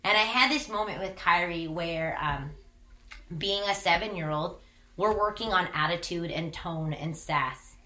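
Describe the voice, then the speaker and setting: A woman's voice: lowish voice, a little slow, sharp tone, echoey room. A woman pastor in her thirties giving a candid, conversational sermon with emphatic repetition.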